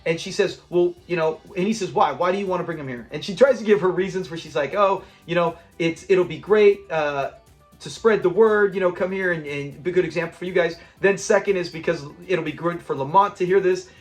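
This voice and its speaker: A man's voice: high voice, fairly quick, faint music behind. A man hosting an episode breakdown, talking enthusiastically and acting out quoted lines. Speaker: channel host.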